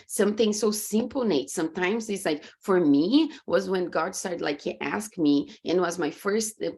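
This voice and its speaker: Lowish and with a breathy edge, this woman's voice carries a Brazilian Portuguese accent. In a conversational interview over video call, the coach and podcast guest tells stories earnestly, her faith showing through as she animatedly acts out her own reactions.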